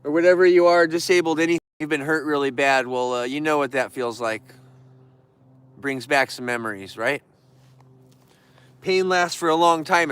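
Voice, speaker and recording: Speaking to the camera in a casual vlog, a man talks about his bears with emotion and earnestness, rambling and sometimes growing bitter and heated. His voice is a little high and a bit bright, with a clear, resonant tone.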